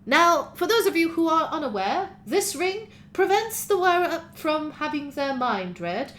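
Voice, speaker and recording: A woman's voice: sits high, sing-song, a little slow, a bit bright, slight background noise, voice pushed up, full character voice. A woman doing a droning male professor. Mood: lecturing. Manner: droning, lecturing.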